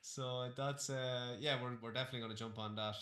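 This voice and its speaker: A man co-hosting a gaming podcast, chatting in a relaxed, joking way. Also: medium pitch, a little fast, reverberant, noisy background. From Ireland. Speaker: podcast co-host. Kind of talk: casual chat.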